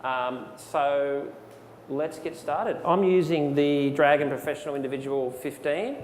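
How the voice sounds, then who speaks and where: A man giving a relaxed, conversational live software demonstration, with frequent fillers, speaking into a handheld mic. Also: on the high side, measured pace. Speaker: presenter. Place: presentation hall. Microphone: handheld microphone. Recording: long hall reverb, faint background noise.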